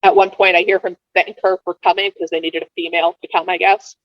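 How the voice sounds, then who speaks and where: A woman in her thirties, a podcast guest telling her birth story casually, with lively delivery and quick repeated words. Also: fairly low pitch, dry recording. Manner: animated, repeats words when rushing, acts out quoted dialogue. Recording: dull lo-fi dry sound.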